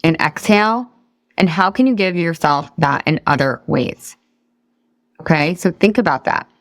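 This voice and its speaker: A woman's voice: low-pitched, unhurried, dry recording, clean studio sound. A woman in her thirties leading a live weight-loss coaching class, chatty and encouraging, firing questions at the group and laughing at herself when she drifts off topic.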